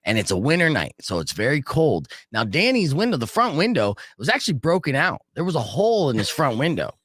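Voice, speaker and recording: A man's voice: on the high side, fairly quick, slightly rough, no room sound. A man hosting a morning radio show, telling a long story in a loose, swearing way and acting out the people in it. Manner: animated storyteller who acts out voices and swears freely. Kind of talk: casual morning radio talk. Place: radio studio. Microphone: studio microphone.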